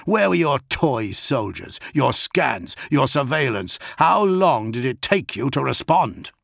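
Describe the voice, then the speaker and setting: A man reading a domineering warrior commander who snaps and sneers at everyone, his delivery pitched above the narrator's own low voice. The tone is gravelly and husky, with a close, dry sound. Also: big pitch swings, a little slow, fairly bright tone, no room sound, full character voice. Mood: scornful. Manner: snapping, scornful, domineering. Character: arrogant, hot-tempered male warrior commander. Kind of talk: audiobook character voice.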